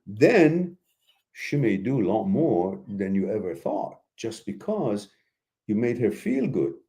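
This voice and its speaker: Male host, live Q&A, mellow voice that jumps high on emphatic outbursts, blunt and preachy. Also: slow pace. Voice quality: animated, emphatic, swings high when exclaiming. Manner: blunt and preachy, mixes in laughter and asides. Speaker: host answering viewer questions. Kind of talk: live stream Q&A, casual advice.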